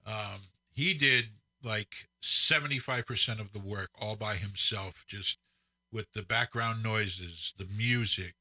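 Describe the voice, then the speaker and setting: Brief: middle-aged male co-host, measured and reflective, very bright and forceful tone. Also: on the low side, dry recording. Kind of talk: casual chat.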